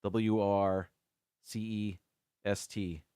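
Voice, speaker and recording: A man's voice: fairly low pitch, level tone, drawn-out words, dark tone, clear, resonant tone, dry recording, studio quality. A man hosting a casual live stream by himself, chatting as he thinks aloud. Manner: chatty, muses aloud about word pronunciations.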